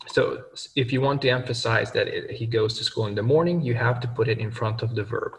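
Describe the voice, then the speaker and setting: A man's voice: medium pitch, a little fast. A man giving a video language lesson, explaining grammar rules step by step with example sentences. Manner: methodical, explains with worked examples. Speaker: language teacher. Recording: distant mic in a reverberant room.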